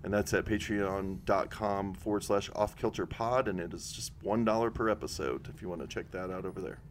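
A man's voice: deep voice, fairly quick, slight background noise. A man on a podcast, chatting casually and plugging his shows, often laughing and acting out quotes. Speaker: podcast guest co-host.

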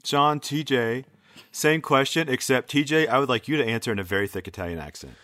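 A man co-hosting a podcast in casual chat, jokey and quick to laugh. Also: medium pitch, expressive, pushed and bright, no echo, studio quality. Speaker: podcast co-host.

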